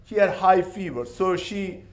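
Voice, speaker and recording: A man with a high voice gives a mourning sermon, telling it with passion. His words ring around a roomy, echoing hall. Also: animated, measured pace. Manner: impassioned storytelling. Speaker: majlis speaker.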